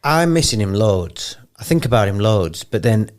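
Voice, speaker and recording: A man's voice: fairly low pitch, big pitch swings, normal speed. A man with an English accent hosting a podcast in casual chat, wry and rambling, feeling poorly and emotional. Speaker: podcast host.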